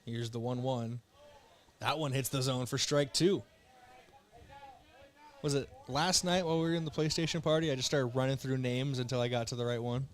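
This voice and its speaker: A young man from South Dakota calling baseball play-by-play with relaxed, joking banter between pitches while fighting the hiccups. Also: normal speed, long pauses. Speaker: play-by-play announcer.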